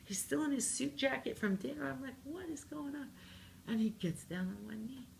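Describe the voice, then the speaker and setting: Gravelly-voiced woman telling a funny story. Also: a little high, brisk, slight background noise. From Canada. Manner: animated, jokey, acts out her own lines. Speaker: interview guest, singer-songwriter. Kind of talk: casual storytelling interview.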